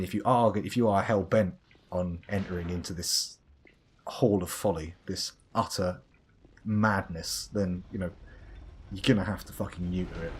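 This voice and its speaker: A man's voice: deep voice, slightly rough. A man from the UK streaming a game live, rambling and theatrical, swearing and talking to the boss. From United Kingdom. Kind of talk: live gameplay commentary.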